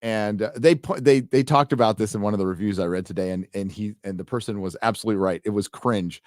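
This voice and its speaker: A man's voice: fairly low pitch, fast, few pauses, darkish tone, dry recording, studio quality. A man reviewing a TV show in a casual live commentary, blunt and sarcastic, full of fillers and restarts. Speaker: video reviewer.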